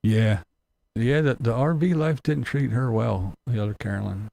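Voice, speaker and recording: A man's voice: mid-range voice, normal speed, vocal fry, warm tone. A man hosting a casual livestream, reading comments aloud and ranting bluntly with profanity and chuckles. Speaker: livestream host.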